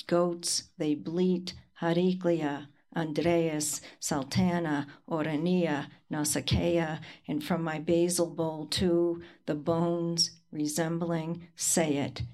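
A woman poet reads her work aloud, slow and deliberate, letting pauses hang between the lines. Her voice sits slightly low and never rushes. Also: a little mellow. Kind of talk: poetry reading.

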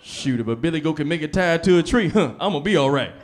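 A man voicing an easygoing older father who drinks and talks in riddles, in a low, laid-back drawl. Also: lively intonation, fast, background noise, lightly acted.

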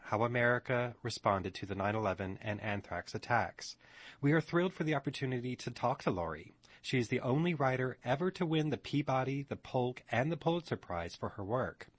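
Husky-voiced male radio host. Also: medium pitch, no room sound. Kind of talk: radio introduction and reading.

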